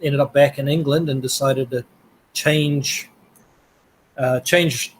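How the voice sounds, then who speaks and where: A man's voice: mid-range voice, fairly even intonation, slow pace, slight background noise, poor audio. Laid-back man from New Zealand. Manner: rambling, laughs while telling stories. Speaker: guest. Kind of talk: casual storytelling interview.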